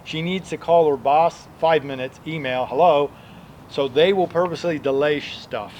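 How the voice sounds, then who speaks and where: A man's voice: fairly high pitch, normal speed, dull audio, a little hiss or hum. Emphatic man explaining legal steps. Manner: emphatic, conversational, with loud asides. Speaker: debt defense lawyer. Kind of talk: explanatory legal advice video.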